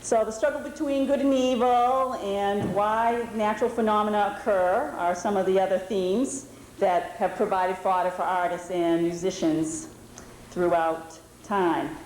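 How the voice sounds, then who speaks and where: In a roomy lodge meeting hall with faint background noise, a woman in her forties from New England explains things to a historical society audience. Her medium-pitched voice is steady, a little mellow, and measured in pace, and she speaks conversationally with fillers.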